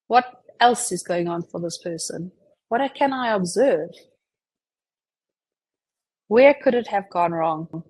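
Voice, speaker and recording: A woman giving a conversational webinar presentation, chatty and relaxed, who often says "you know" and acts out example dialogues. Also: fairly low pitch, takes it slowly, long pauses, poor audio.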